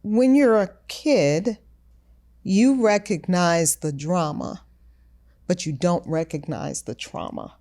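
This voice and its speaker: A woman hosting a podcast speaks slowly and deliberately, with a lively melodic rise and fall. Her reflective tone leans on repetition and sing-song emphasis. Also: on the low side. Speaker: podcast host. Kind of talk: reflective conversation.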